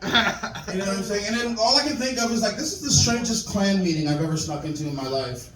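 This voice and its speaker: Brief: male stand-up comic, high voice, animated, roomy club sound, mic at a distance, audience laughing. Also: fairly quick, a crowd in the background. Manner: animated, acts out other people's voices. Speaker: stand-up comedian. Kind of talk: stand-up comedy set. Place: comedy club with live audience.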